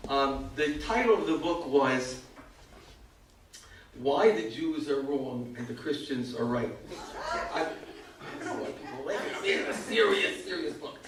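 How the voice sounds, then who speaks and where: A man's voice: medium pitch, sing-song, unhurried, fairly bright tone, far from the mic, slight background noise. Older New man, echoey hall. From United States. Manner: self-mocking, acts out voices. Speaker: speaker. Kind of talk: storytelling talk. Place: synagogue hall.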